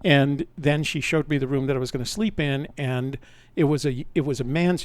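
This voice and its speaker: An older man recounts a personal adventure in a loose, conversational storytelling style, stopping to correct himself as he goes. His voice sits at an ordinary pitch and is recorded close and dry, with no room sound. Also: fairly even intonation, moderate pace, no echo. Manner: rambling, self-correcting, conversational. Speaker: podcast host.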